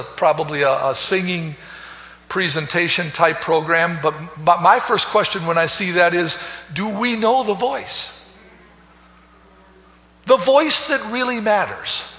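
A man preaching a sermon, swinging between soaring loud calls and hushed low phrases and repeating words. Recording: echoey hall, dull lo-fi sound.

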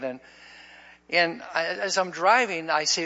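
A man's voice: fairly high pitch, fairly even intonation, unhurried, pauses often, bright, forceful tone. A man preaching to his church, telling a personal story in a folksy way and often repeating his words at the start of a line. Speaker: pastor. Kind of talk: storytelling sermon. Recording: dull lo-fi recording in a reverberant hall.

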